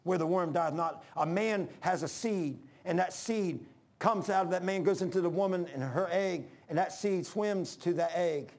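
A man preaching a sermon, emphatic, calling out to the congregation and dropping to hushed lines between loud peaks. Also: sits high, normal speed. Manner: calls for congregation responses.

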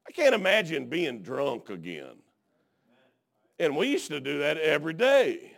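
A man preaching a folksy sermon, telling stories and dropping frequent amens, swinging from hushed to shouting. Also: on the high side, sing-song, measured pace, creaky.

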